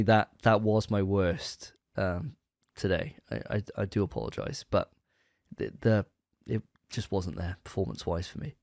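A man's voice: mid-range voice, a little mellow, no echo, clean studio sound. A young man co-hosting a casual podcast, teasing his friends and stumbling over his words as he judges them. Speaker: podcast co-host. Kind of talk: casual banter among friends.

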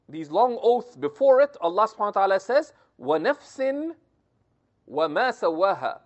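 A man gives a scripture commentary lesson in an explanatory, step-by-step way, often pausing to check in with his listeners. His delivery is animated, with his pitch rising and falling widely. The recording sounds dull and lo-fi. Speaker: religious teacher.

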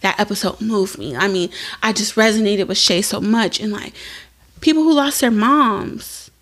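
A young adult woman co-hosting a podcast in casual chat, candid and animated, swearing freely and acting out quotes. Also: medium pitch, unhurried. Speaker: podcast co-host.

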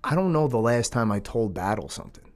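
A man who runs a jiu-jitsu school, hosting a casual podcast chat in an animated, loose way. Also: mid-range voice, quick pace. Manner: animated, frequent 'dude' and 'like'.

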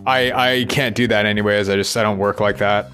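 A man's voice: on the low side, steady tone, fairly quick, a bit bright, soft background music. A man thinking aloud in a rambling personal monologue, restless and swearing as he questions himself.

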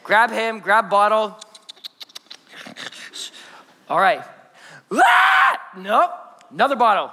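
A man in his thirties preaches with a high, bright, forceful voice, lively and playful, slipping jokes and asides into his stories. His words ring out with a long reverb that hangs in the church hall around him. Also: brisk. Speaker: pastor. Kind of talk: energetic conversational sermon. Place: church auditorium.

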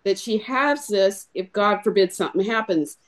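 A woman explaining her sales method in an animated way, acting out both sides of a client talk. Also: mid-range voice, moderate pace. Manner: animated, acts out clients' lines in a role-play. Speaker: insurance sales trainer. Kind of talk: instructional chat on a podcast.

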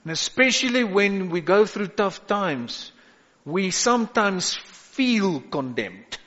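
Male pastor, sermon delivery, slow and deliberate, lo-fi hall recording. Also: sits high, animated, fairly bright tone. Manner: preaching with rising exhortations and call-outs. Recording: echoey hall, dull lo-fi sound.

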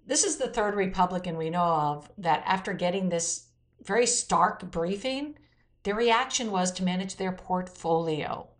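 A woman's voice: on the low side, moderate pace. A woman hosting a weekly news roundup, reading out quotes and adding blunt opinion asides. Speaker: news commentary host.

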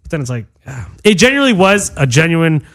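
A man's voice: on the high side, fairly quick. A man chatting casually on a podcast, telling stories animatedly with crude language and acted-out quotes. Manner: animated, profane storyteller acting out quotes.

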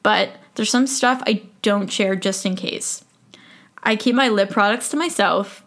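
A woman's voice: mid-range voice, measured pace, a bit bright. A woman in her twenties hosting a solo podcast, talking frankly and casually, joking and laughing often. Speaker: podcast host.

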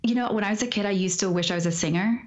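A woman author speaking as a podcast guest in a soft, calm and soothing way. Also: mid-range voice, very fast. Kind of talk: conversational interview.

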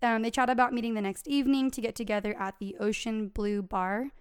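A woman's voice: fairly high pitch, flat delivery, fairly quick, smooth. A young woman co-hosting a podcast, telling a true crime story in a casual, chatty way with lots of fillers.

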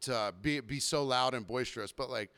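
Man, casual storytelling, profane, rambling, mid pitch, dry sound. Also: moderate pace, pushed and bright, smooth, no echo. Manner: profane, rambling, with acted quotes. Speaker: podcast host.

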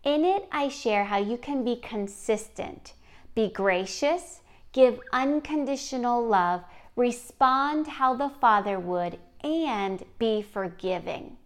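A woman hosting a faith podcast, closing with a gentle spoken blessing over mothers. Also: a little high, lively intonation, slow. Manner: gentle, blessing-style delivery. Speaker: podcast host. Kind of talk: faith-based podcast outro.

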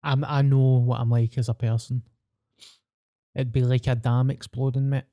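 A man's voice: medium pitch, flat delivery, moderate pace, mellow, dry recording, clean studio sound. A young Glaswegian man in casual, sweary podcast banter. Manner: sweary, laid-back banter. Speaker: podcast co-host. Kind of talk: casual chat.

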